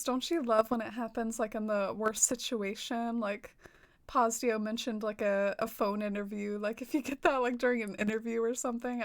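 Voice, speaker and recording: A woman from the American South with a light twang, chatting casually on a game stream, reading viewer comments and giggling often between filler-heavy sentences. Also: a little high.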